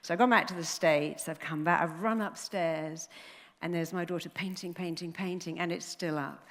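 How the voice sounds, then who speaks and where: A middle-aged woman, a therapist telling a story on stage with animated delivery and acted-out quotes. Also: fairly low pitch, normal speed. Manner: animated, acts out quoted voices. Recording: long hall reverb.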